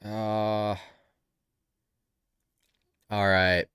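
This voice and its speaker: A man talks through a live reaction stream in a slow, unhurried way. His voice is smooth and clear, and he rambles and backtracks as he thinks aloud. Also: on the low side, level tone, a bit bright, dry recording, clean studio sound.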